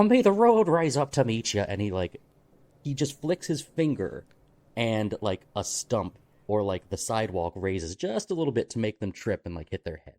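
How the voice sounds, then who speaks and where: A man's voice: on the low side, darkish tone. A man co-hosting a movie podcast, talking casually with many fillers and restarts. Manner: rambling, full of fillers and restarts, reads out phrases. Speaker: podcast co-host.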